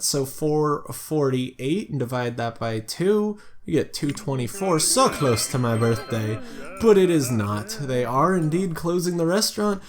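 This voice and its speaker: A man hosting a let's play deep into the night, worn out and rambling. He thinks aloud, jokes at his own slips and tosses off asides in a middle-pitched voice. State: tired late at night. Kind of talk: casual gameplay commentary.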